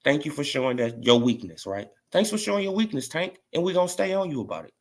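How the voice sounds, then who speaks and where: He talks fast, in a fairly high, sing-song voice, ranting casually about boxing as a vlog host. Mocking and repetitive, this commentator keeps asking "right?" and "you feel what I'm saying."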